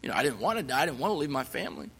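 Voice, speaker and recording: A man's voice: a little high, very animated, very fast, bright, forceful tone, slightly rough, big-room sound. A man, a missionary, earnestly telling his personal testimony, swelling with fervor when he recites scripture.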